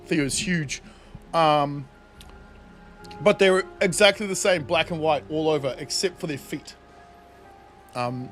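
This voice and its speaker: A man's voice: fairly high pitch, a bit bright. A young man casually commenting on his game during a livestream, laughing often and swearing freely. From New Zealand. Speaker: streamer.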